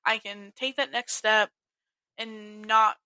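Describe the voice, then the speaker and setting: A young woman hosting a podcast, telling college stories in a giggly, animated way. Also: medium pitch, slow, no room sound, rough recording. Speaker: podcast host. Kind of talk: casual chat.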